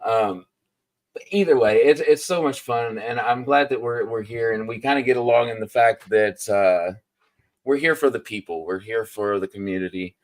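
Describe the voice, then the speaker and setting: A man hosting a casual live-stream chat about books, easygoing and quick to laugh. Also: mid-range voice.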